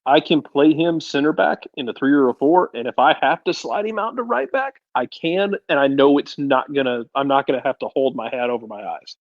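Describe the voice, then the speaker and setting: A man co-hosting a casual soccer podcast, chiming in with relaxed, wry anecdotes. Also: medium pitch, fairly quick, few pauses, highs cut off. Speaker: podcast co-host.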